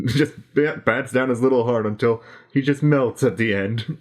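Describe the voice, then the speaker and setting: A man's voice: mid-range voice, moderate pace. A young man co-hosting a film review in casual chat, easygoing and agreeable, laughing often.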